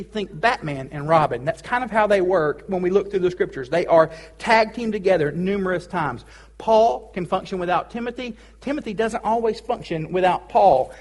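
A male pastor preaches a sermon in a relaxed, joking style, keeping the teaching light with playful pop-culture asides. His voice sits high with a husky edge.

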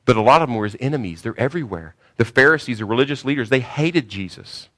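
A man preaching a sermon, swinging from hushed, slow phrases to loud cries, sometimes repeating words as he searches for the next one. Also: medium pitch, expressive. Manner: emphatic, repeats words while searching for them. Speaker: pastor.

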